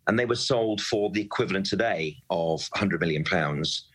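Deep-voiced passionate football fan. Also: male voice, normal speed, a bit bright, slightly rough, poor audio. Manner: passionate, emphatic, repeats words when worked up. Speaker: football club supporter guest. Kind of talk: conversational podcast interview.

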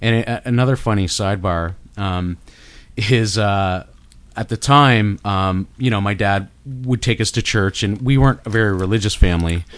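A man's voice: on the low side, normal speed, clean tone, no room sound. A middle-aged Canadian man with a Canadian accent, chatting as an interview guest, rambling and enthusiastic with many fillers and restarts. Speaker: guest artist. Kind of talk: casual interview chat.

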